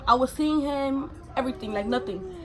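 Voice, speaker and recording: A woman's voice: high voice, animated, brisk, fairly bright tone. A young adult woman vlogger telling a personal story in a casual, rambling way, full of fillers.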